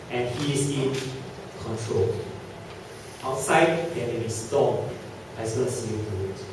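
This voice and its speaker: A man preaching at a youth camp, telling stories with lively acted quotes. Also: mid-range voice, a little hiss or hum. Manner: animated storytelling with acted quotes. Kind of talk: sermon. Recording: echoey room from a distance.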